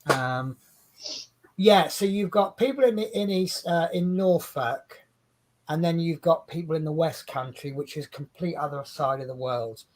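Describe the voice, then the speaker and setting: English guy rambling on a home craft stream, slow and drawn out, voice sits a bit high, keeps cutting himself off. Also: darkish tone, a little hiss or hum. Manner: rambling, chatty, self-interrupting. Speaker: co-host. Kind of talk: casual livestream chat.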